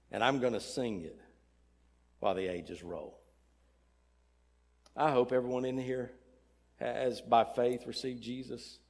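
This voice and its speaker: An older man preaching a sermon, emphatic and swinging between loud fervor and soft tenderness, in a church. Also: medium pitch, steady tone, a little slow, pauses often. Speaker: pastor. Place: church sanctuary. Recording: long church reverb.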